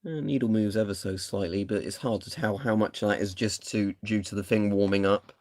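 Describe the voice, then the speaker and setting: Gravelly low-voiced man. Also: fairly quick, darkish tone, no room sound. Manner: chatty, thinking aloud while testing equipment. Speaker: streamer. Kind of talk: casual live-stream commentary.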